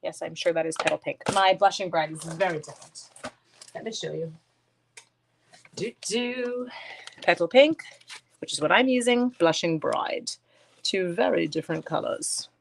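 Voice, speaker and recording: A woman's voice: fairly low pitch, moderate pace, gravelly. A woman hosting a crafting livestream, chatting casually with viewers and teasing herself while she works. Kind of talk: casual crafting chat, reading viewer comments. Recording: faint background noise.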